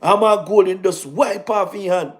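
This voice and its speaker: A man with a Jamaican accent, talking about politics on a casual livestream, animated and repetitive, mixing patois in. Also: high-pitched, moderate pace.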